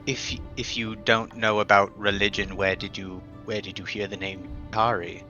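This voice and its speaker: A man's voice: fairly low pitch, little pitch movement, moderate pace, pushed and bright, soft background music. A man voicing an earnest, devout young man who stammers and speaks with stiff politeness. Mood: puzzled. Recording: dull lo-fi mic.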